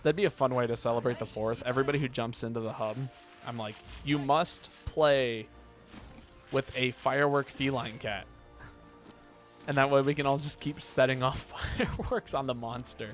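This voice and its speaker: A man's voice: medium pitch, fast, faint music behind. A man streaming a game, chatting casually and joking with viewers as he plays. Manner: relaxed, joking, reads chat aloud. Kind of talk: casual gameplay chat with viewers.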